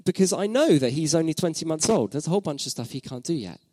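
A man in his thirties delivering a sermon as pastor, his voice sitting fairly high for a man. He speaks reflectively, putting questions to the congregation and repeating phrases to drive them home. The sound is close and dry. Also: expressive, quick pace, dark tone, no echo.

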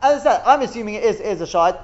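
A man with a high voice teaches a Talmud class. He thinks aloud, asks rhetorical questions and walks through each step. The recording is a little dull. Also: lively intonation, racing.

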